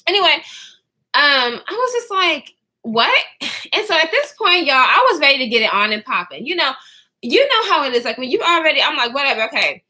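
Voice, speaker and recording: A woman's voice: high-pitched, sing-song, fairly quick, sharp tone. A woman in her twenties telling a story to her viewers in a casual, slangy way, swearing freely and often trailing off to restart.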